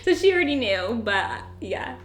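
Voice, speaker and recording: A woman's voice: on the high side, very animated, normal speed. A young woman vlogger chatting casually and giggling, with lots of "like" fillers. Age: young adult. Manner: bubbly and giggly, many "like" fillers. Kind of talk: casual chat. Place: indoors, sitting down. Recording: echoey room.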